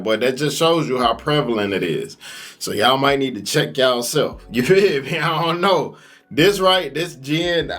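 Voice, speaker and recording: A man's voice: medium pitch, a bit bright. Laid-back man hosting a reaction. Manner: laid-back, slangy, talks to viewers directly. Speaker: reaction video host. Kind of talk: casual reaction commentary.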